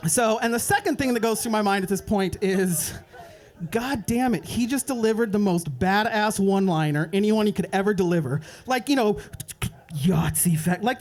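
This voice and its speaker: A young man doing a stand-up set at an open mic night, telling a rambling story and dropping into quick voices for the people in it. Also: high-pitched, a little mellow. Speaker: stand-up comedian. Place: open mic comedy club.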